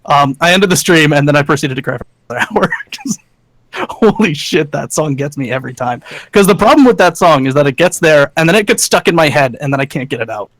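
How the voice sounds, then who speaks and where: A man co-hosting a casual gaming podcast, animated and repeating himself. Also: on the high side, brisk, dry recording, low-quality recording.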